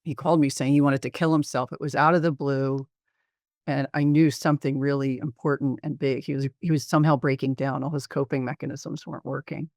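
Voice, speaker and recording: Gravelly middle-aged man, measured and reflective. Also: medium pitch, little pitch movement, a little mellow, no room sound, clean studio sound. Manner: measured, reflective, often pauses with "um". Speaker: psychiatrist presenting a case. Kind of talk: case presentation in a webinar.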